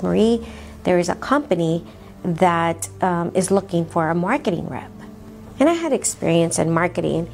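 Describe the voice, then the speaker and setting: A woman's voice: lowish voice, creaky, darkish tone. A woman earnestly telling her own life story, acting out the dialogue in her plain voice. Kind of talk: personal storytelling talk.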